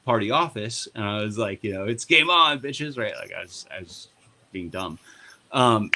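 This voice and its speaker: Bright-voiced, profane storyteller man. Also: fairly low pitch, moderate pace. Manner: profane, animated, sarcastic. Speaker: party board member and guest. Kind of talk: casual podcast storytelling.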